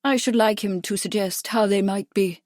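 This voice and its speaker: A woman's voice: mid-range voice, steady tone, moderate pace, a little mellow, dry recording, studio quality, natural voice. Woman voicing a lisping foppish upper-class lord. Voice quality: exaggerated posh lisp. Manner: fatuous, expansive, fluttery. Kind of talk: audiobook character voice.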